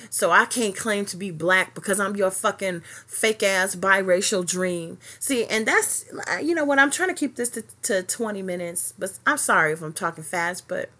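A woman's voice: medium pitch, bright, forceful tone. Fired-up, ranting woman podcaster. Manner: passionate, profane rant that speeds up and slows down; rambling with many fillers and self-restarts. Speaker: podcast host. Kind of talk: solo podcast monologue.

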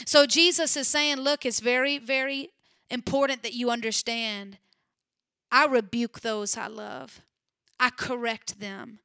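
A woman preacher delivering a sermon, explaining Bible verses in an earnest, emphatic way that moves between soft and urgent. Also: high voice, measured pace, clear, resonant tone, dry recording, clean studio sound.

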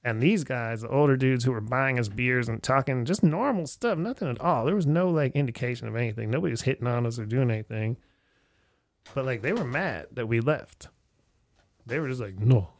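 Speaking a little fast in a medium-pitched voice on a dry recording, a middle-aged man tells old travel stories to a friend in an indoor room, as a podcast guest or host would. He's animated, mimicking the voices of those he quotes and dropping plenty of "like" fillers.

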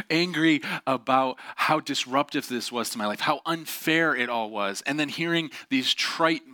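A middle-aged pastor preaches a sermon in a bright, forceful, medium-pitched voice, taking his time. He tells his story candidly, with self-deprecating asides and plenty of ums, and the sound is dry and close with no room sound.

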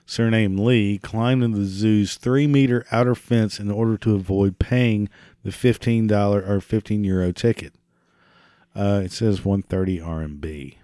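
A man's voice: lowish voice, dark tone, no echo, clean studio sound. A man hosting a solo podcast, reading and riffing with sarcastic, profane, rambling asides. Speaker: podcast host.

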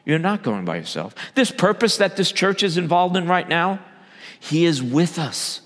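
A man delivers a sermon as a church elder, his voice sitting a little high for a man. He moves between loud emphatic bursts and low, quiet asides. The long reverb of a large hall trails every phrase. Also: sing-song, normal speed.

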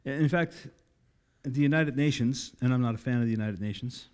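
A pastor with a clear, resonant, somewhat dark male voice preaches at a moderate pace and medium pitch. He builds his sermon toward emphatic, rousing climaxes and speaks directly to his congregation in asides.

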